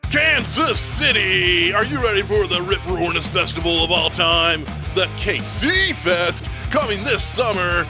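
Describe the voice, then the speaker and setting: A man doing a booming festival ad promoter. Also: lively intonation, over music. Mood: hyped. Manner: booming, hyped, drawn-out delivery. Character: shouting male festival promoter in an ad.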